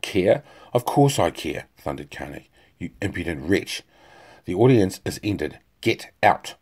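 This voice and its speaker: A man's voice: sits low, brisk, a little mellow, slightly rough. A man doing a thundering furious general. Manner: thundering, commanding. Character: furious imperious male general.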